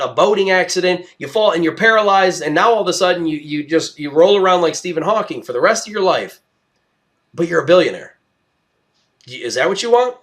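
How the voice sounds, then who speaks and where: A man's voice: high voice, fairly bright tone. A young adult man hosting a podcast, talking through a casual monologue in a rambling, emphatic way with frequent restarts. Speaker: podcast host. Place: at home with his dog.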